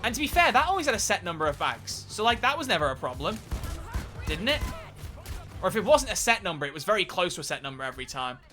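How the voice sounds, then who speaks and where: A man's voice: high-pitched, big pitch swings, quick pace, bright, forceful tone, faint music behind. A young man streaming a video game, chatting casually and rambling in a jokey way, swearing freely as he plays. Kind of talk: casual gameplay commentary.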